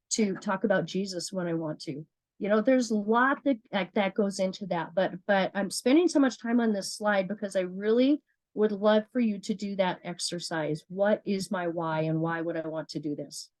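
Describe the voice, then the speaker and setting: Female trainer, mid pitch, earnest and chatty, dry studio sound. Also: darkish tone, no echo, low-quality recording. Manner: earnest, repeats words, asks herself questions. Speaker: business trainer. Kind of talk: motivational sales training talk.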